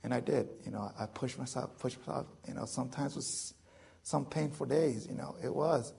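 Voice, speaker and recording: A man's voice: mid-range voice, moderate pace, creaky, mellow, slightly rough. A man in his forties telling his own survival story to an audience in a loose, joking way, full of fillers. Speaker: veteran speaker.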